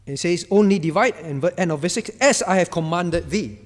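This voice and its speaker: A male pastor delivers a sermon in a noticeably high voice. He is emphatic, repeating single words for stress and switching to a firm, commanding tone when he voices divine speech. Long reverb from the church hall trails each phrase. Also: fairly quick. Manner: acts out God's words in a firm voice.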